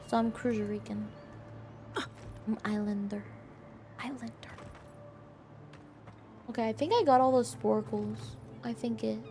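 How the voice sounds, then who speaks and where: A young woman streamer chatting casually with her viewers in an animated, quick-reacting way. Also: a little high.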